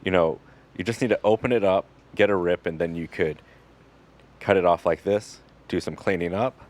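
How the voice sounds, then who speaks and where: A man working as a butcher who explains his cuts step by step in a casual, instructional way. He talks in a relaxed, joking manner with fillers. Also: deep voice, normal speed.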